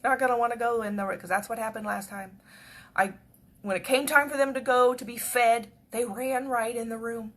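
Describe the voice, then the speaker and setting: A woman telling a personal story in a chatty, repetitive way that often drops to a hush. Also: fairly high pitch, fairly even intonation, moderate pace. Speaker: devotional speaker.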